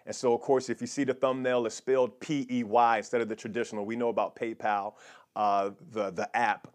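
A man's voice: medium pitch, little pitch movement, brisk. Man teaching a sermon, many repeated words. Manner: has the audience repeat declarations aloud. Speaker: pastor.

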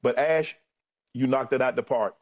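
A man's voice: medium pitch, normal speed, a little mellow. A middle-aged man delivering an on-air farewell as co-host, thanking colleagues one by one while holding back tears. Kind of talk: emotional on-air farewell speech.

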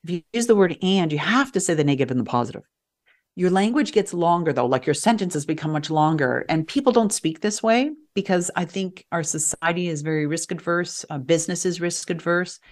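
A woman being interviewed as a guest coach on a radio show, talking in an animated, emphatic way and often restarting her sentences. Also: fairly low pitch, a little fast. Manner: animated, emphatic, self-correcting. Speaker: guest, resilience coach and sophrologist. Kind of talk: conversational interview. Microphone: radio show microphone.

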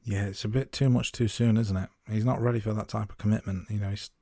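This man's voice sits on the low side, mellow and steady, moving at a quick pace in a dry, studio-quality recording. Co-hosting a podcast about a film, he keeps things casual, poking fun at himself, laughing and stumbling into restarts.

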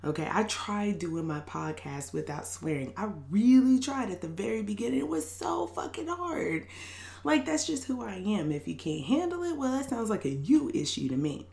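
A woman's voice: medium pitch, sing-song, normal speed, vocal fry, few pauses, mellow, reverberant. A young adult woman hosting a podcast in a casual, sassy venting monologue, laughing often and cussing freely. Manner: sassy, laughing, profane asides. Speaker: podcast host.

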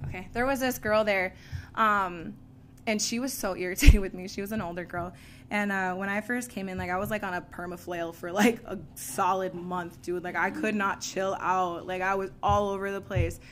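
A woman giving a candid, animated personal testimony to an audience, laughing often and using casual fillers. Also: mid-range voice, moderate pace, a little hiss or hum. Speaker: speaker sharing a recovery story.

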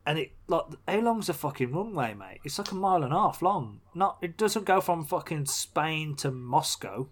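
A man's voice: fairly high pitch, sing-song, moderate pace, a little hiss or hum. A young man co-hosts a loose podcast chat. He rants bluntly about films, swearing freely and laughing at his own complaints. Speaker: podcast co-host. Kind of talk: casual chat.

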